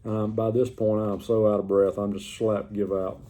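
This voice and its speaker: A middle-aged man casually tells a story to the camera, drawling and folksy in an animated retelling. His voice is fairly low in pitch at a normal speed.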